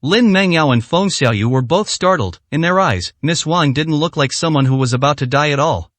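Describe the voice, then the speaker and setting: A man's voice: a little high, moderate pace, a bit bright, no echo. Male audiobook narrator, dry and close. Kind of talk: reading a serialized web novel aloud.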